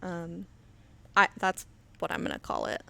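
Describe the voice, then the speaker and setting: A woman with a low voice and a gravelly edge hosts a live painting stream. She talks in a loose, rambling way and reads comments from viewers aloud as she works. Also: level tone, a little slow, pushed and bright. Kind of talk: casual chat while demonstrating. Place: indoor studio under flood lighting. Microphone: webcam on auto settings.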